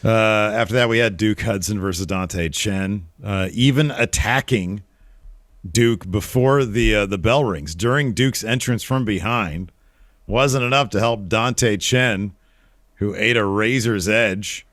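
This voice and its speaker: A man's voice: on the low side, measured pace, fairly bright tone, no room sound, studio quality. A man in his thirties co-hosting a casual podcast, chatting in a rambling, self-mocking way. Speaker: co-host.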